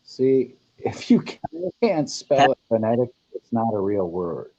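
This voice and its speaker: A man hosting a casual group chat, joking, teasing and laughing loudly. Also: medium pitch, very animated, measured pace, lo-fi sound. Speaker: podcast host.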